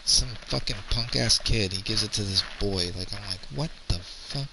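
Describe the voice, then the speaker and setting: Gravelly low-voiced man telling a story. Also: moderate pace, background noise. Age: 30s. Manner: rambling, profane, animated storyteller. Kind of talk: casual storytelling chat.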